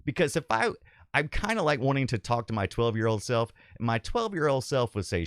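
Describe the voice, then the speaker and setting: A man's voice: medium pitch, sing-song, fairly quick, clean tone, dry recording, studio quality. A man hosting a casual livestream, chatting with viewers, laughing often and reading their comments aloud. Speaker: livestream host.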